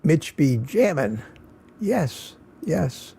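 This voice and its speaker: A man's voice: on the high side, very animated, drawn-out words, gravelly, mellow, husky. Tired older man hosting a live stream. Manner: greets viewers by name, chuckling often. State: tired, slightly slurring. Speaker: livestream host. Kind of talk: casual live-stream chat.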